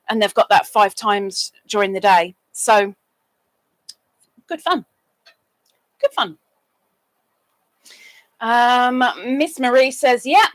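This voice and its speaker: A woman's voice: a bit bright, dry recording. A woman hosting a casual crafting livestream, telling little stories and greeting people in the chat. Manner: chatty, drifts between stories and chat greetings, with squeaky bursts.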